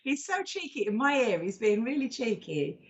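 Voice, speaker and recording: A woman's voice: on the high side, very animated, moderate pace. A woman co-hosting a live psychic stream, chatty, giggly and teasing in casual talk. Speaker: co-host, psychic medium. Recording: dull lo-fi stream audio.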